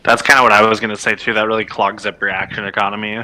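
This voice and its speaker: A man's voice: fairly low pitch, flat delivery, rapid-fire, a crowd in the background, poor audio. A man playing a tabletop game, eagerly describing what his character does in his own plain voice. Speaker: player.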